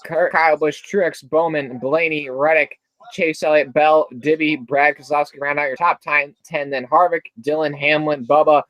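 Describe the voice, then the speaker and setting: A man hosting a livestream, reacting to a race in casual, excitable chat and laughing often. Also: a little high, normal speed, dull audio. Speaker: livestream host.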